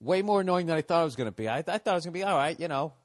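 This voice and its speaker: A man's voice: a little high, expressive, racing. Brief: a male comedy podcast host, profane and sarcastic, ranting through a story.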